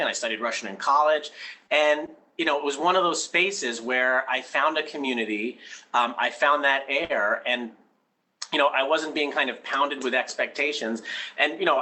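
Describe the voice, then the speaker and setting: A man's voice: a little high, bright, forceful tone, rough recording. A man who runs a school, answering interview questions in an earnest, conversational way with many restarts and frequent "right?" check-ins. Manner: explains through personal stories. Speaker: education expert guest, head of a school.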